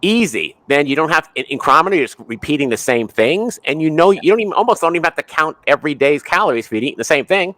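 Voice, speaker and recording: A middle-aged man chatting casually as a guest, animated, often tagging his points with a quick "right?". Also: a little high, no echo. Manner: animated, ends many remarks with "right?". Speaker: co-host guest. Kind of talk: casual conversation.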